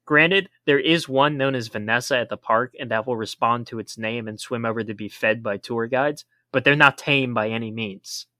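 A man's voice: medium pitch, normal speed, few pauses, bright, forceful tone, dry recording, studio quality. A man co-hosting a podcast, explaining in a casual chat with emphatic warnings. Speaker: podcast co-host.

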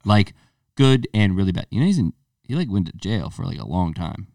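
Animated young man telling stories. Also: sits low, fairly quick, vocal fry, no room sound, studio quality, recorded from a distance. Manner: animated storyteller, swears freely, acts out quotes. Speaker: podcast co-host. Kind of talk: casual storytelling chat.

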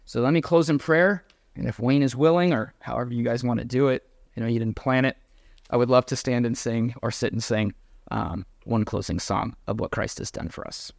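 A man's voice: medium pitch, fairly quick, gravelly, no room sound. Earnest male pastor preaching, dry close sound. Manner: earnest, building to emphatic points, then quieter prayer. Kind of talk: sermon.

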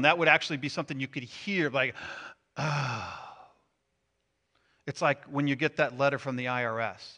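Middle-aged male pastor, lively sermon delivery, bright forceful tone, slightly high voice, big swings between loud and hushed. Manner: animated, swings from loud emphasis to hushed asides.

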